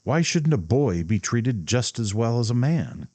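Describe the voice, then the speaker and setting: A man voicing a spirited young woman who teases gently in a light, raised voice. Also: medium pitch, very animated, unhurried, no echo, pitched above the performer's own voice. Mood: teasing.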